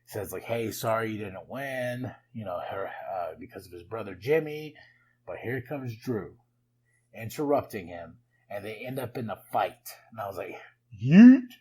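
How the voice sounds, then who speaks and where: A man hosting a podcast, recapping wrestling in a casual, excitable way with frequent laughs and chatty asides. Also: lowish voice, normal speed, a little hiss or hum, poor audio. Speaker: podcast host.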